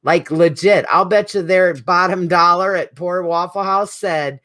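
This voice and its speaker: A middle-aged speaker with a bright, forceful, mid-range voice talks unhurriedly yet with hardly any pauses. At a support group meeting they deliver an emotional, rambling, heartfelt tribute directly to an absent friend.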